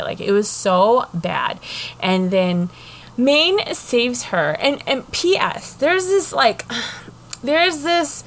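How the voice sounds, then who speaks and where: A woman's voice: on the high side, slight background noise. A woman hosting a casual book chat, recapping the plot in a chatty way, with frequent swearing and fillers. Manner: chatty, profane, lots of fillers.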